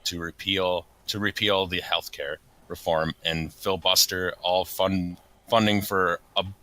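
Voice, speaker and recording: A man's voice: deep voice, little pitch movement, measured pace, sharp tone, poor audio. Man doing a pompous, lecturing president. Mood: stern. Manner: mock-serious, lecturing delivery. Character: stern, pompous male head of state.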